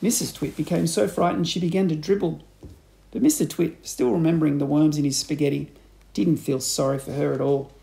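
A man reading a children's storybook aloud in an expressive, playful narrator's voice. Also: on the high side, brisk, vocal fry, low-quality recording.

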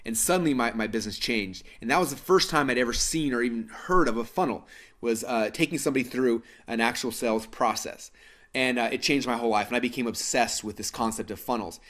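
Fast-talking American man telling a story. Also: medium pitch. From Idaho, United States. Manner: energetic storytelling with many fillers and restarts. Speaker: webinar host. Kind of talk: live webinar presentation.

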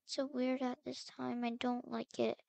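A young woman with a high, clear, smooth voice narrates her character in a role-play game. She talks slowly and calls out with growing worry as she searches. The recording is close and dry. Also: completely flat delivery, darkish tone, no echo. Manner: anxious, calling out, worried searching.

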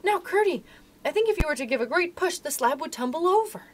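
An eager young princess girl from a storybook, bright-voiced and determined, as a woman puts her on. Her voice sits a little high and swings widely in pitch. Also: sing-song, quick pace. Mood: excited.

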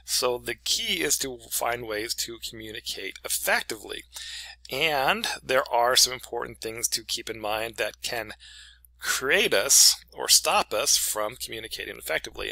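A man's voice: mid-range voice, expressive, moderate pace, creaky, sharp tone, no echo, low-quality recording. A middle-aged man, an English professor, giving a chatty, casual lecture full of stories and "okay?" check-ins.

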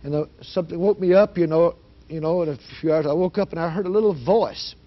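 A man with a fairly high voice tells a personal testimony with fervent feeling, dropping low and then rising into loud, pleading prayer. The audio is dull and lo-fi, like a 1980s broadcast. He tells the story in the manner of a preacher. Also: quick pace. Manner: fervent, swings from hushed to yelling prayer. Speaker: guest giving testimony.

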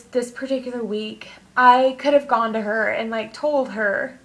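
A young woman talking through her feelings in a personal vlog, halting and emotional, with many fillers and restarts. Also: fairly high pitch, bright, forceful tone. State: tearful. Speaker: vlogger.

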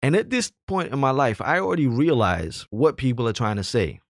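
A man's voice: medium pitch, big pitch swings, fairly quick, no echo, clean studio sound. A man giving opinionated personal commentary, earnest and argumentative, backing his points with stories from his own working life. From Jamaican heritage, raised in the hood.

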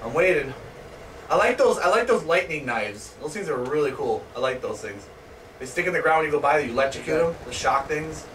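A man hosting live gameplay commentary, excitable, swearing and yelling at opponents. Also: on the high side, a little fast. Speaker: gaming channel host. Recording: distant mic, noisy background.

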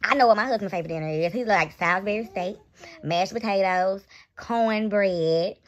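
A woman's voice: medium pitch, normal speed, lo-fi sound. A young woman ranting bluntly and profanely in a raw live reaction vlog, mocking and scolding. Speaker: reaction vlogger.

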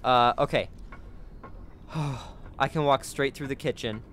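A man giving let's play commentary as a gaming video creator, excitable, gasping and chatting to his viewers. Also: medium pitch, takes it slowly, slight background noise.

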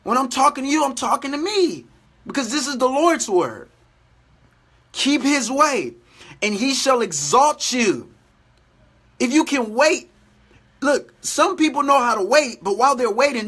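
Male preacher, high bright voice, earnest repetitive devotional exhortation. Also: animated, fairly quick, husky. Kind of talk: daily devotional sermon.

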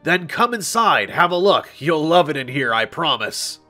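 A man's voice: a little high, very animated, moderate pace, sharp tone, soft background music, pitched above the performer's own voice. A man doing a sinister coaxing talking tree. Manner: menacing TV-villain coaxing.

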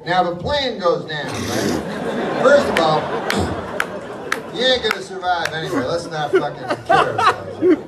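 An older man doing a live stand-up set, deadpan and rambling with lots of profanity. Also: sits high, unhurried. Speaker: stand-up comedian. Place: live comedy venue with audience. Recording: echoey room from far off with loud crowd noise.

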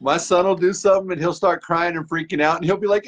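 A man's voice: high-pitched, fairly even intonation, fast talker. A man, a parent, agreeing and adding points in a casual discussion. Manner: agreeable, interjecting.

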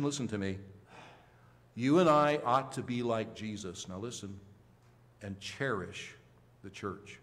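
A male pastor preaching a sermon with emphasis, swinging between loud, high rises and quiet, low drops. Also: big-room sound. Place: church sanctuary.

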